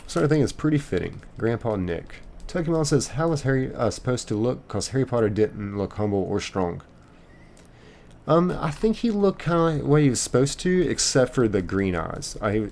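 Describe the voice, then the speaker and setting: A man's voice: medium pitch, sing-song, moderate pace, creaky, darkish tone. A man chatting casually on a live game stream, rambling as he reads and answers chat messages. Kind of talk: casual chat while gaming.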